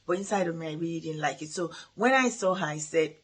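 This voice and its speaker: Husky middle-aged woman giving parenting advice. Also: low-pitched, quick pace. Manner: earnest, advising, with frequent restarts. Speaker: parenting podcast host. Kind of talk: motivational talk.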